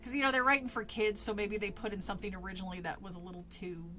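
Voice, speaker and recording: A woman's voice: mid-range voice, steady tone, racing, music in the background. A young woman streaming a book reading, breaking off for casual, sarcastic commentary with swearing and laughs.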